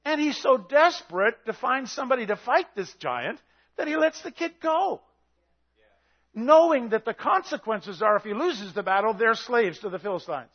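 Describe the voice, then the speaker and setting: A man preaches with fiery intensity, his voice sitting high for a man. He shouts his points and acts out the story's characters as he goes. The recording sounds dull and slightly lo-fi. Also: lively intonation, moderate pace, slightly rough. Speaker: pastor. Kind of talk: sermon.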